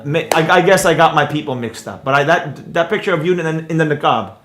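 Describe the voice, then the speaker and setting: A blunt, brash man runs a trading livestream and reads out the viewers' chat as he goes. His voice sits high for a man. The sound comes from an echoey, roomy space. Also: fast, fairly bright tone, faint music behind. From New York.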